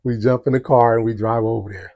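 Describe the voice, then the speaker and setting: A man's voice: mid-range voice, brisk. A man hosting a storytelling podcast, telling a personal story animatedly and speaking straight to his listeners. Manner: animated, talks to the audience, acts out quotes. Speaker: podcast host.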